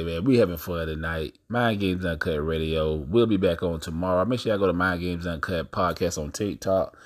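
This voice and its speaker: A man hosting a podcast, talking to his listeners in a blunt, profane, casual monologue. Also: deep voice. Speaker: podcast host.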